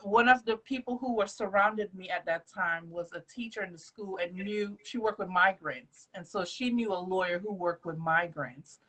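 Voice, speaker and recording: A woman from Trinidad hosts a casual faith talk. Her voice is bright and forceful, and she tells her own story with warm emphasis. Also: medium pitch, normal speed, hardly any pauses, rough recording.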